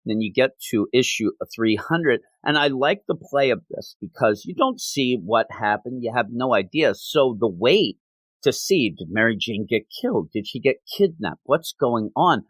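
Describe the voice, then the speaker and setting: A man's voice: mid-range voice, expressive, normal speed, no room sound. Chatty male comic podcast host. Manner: conversational, recapping and quoting dialogue. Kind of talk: casual comic book review.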